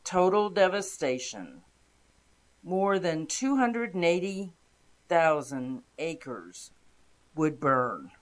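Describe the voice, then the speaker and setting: This narrator reads first-person inspirational stories at an unhurried, deliberate pace. The delivery is calm and steady, with a voice sitting in an ordinary middle range. The tone is even and measured throughout. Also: medium pitch.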